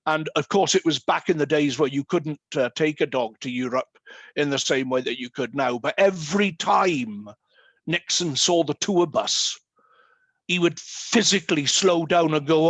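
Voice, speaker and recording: A man telling humorous stories with many fillers and pauses, speaking as guest at an online meeting over a video call. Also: fairly high pitch, fairly bright tone, no room sound. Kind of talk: anecdotal talk at an online meeting.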